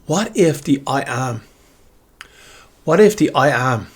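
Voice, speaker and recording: A man's voice: mid-range voice, expressive, slow, husky. A man speaking a reflective spiritual monologue to his viewers, musing through repeated questions and speaking with heartfelt gratitude. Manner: heartfelt, grateful. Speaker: spiritual video creator.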